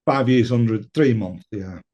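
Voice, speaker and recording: A man's voice: mid-range voice, slow pace, darkish tone. A British man telling a story in a casual interview, swearing often and laughing as he talks. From United Kingdom. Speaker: interview guest.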